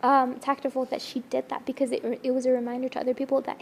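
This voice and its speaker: A woman's voice: high-pitched, monotone, fast, creaky, few pauses, a little mellow, slight background noise. A woman telling a religious story in an earnest, emotional way during a discussion, often restarting her sentences.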